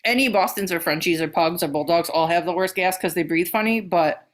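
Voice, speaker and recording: A woman's voice: fairly low pitch, brisk. A woman co-hosting a podcast in casual, chatty talk, swearing freely and laughing easily. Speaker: podcast co-host. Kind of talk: casual chat.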